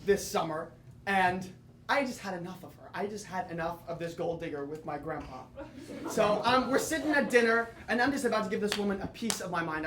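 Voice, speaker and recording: A teenage boy performing a solo comedy monologue, telling lively comic stories with asides to the audience. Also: high voice, roomy sound, background noise. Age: teens. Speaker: student performer. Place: theatre or classroom with audience.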